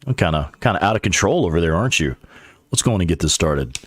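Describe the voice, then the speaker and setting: A low, husky man's voice, loose and lively in its rise and fall, as he hosts a casual gaming stream. He sounds laid-back and joking, and the sound is dry and close. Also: fast, no echo. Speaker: live stream host.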